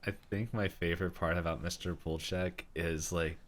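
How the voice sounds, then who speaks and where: A man's voice: deep voice, fairly even intonation, normal speed, a bit bright. Giggly man co-hosting a chat podcast. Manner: chatty, laughs a lot, many fillers like "like". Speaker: podcast co-host. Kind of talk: casual recap chat.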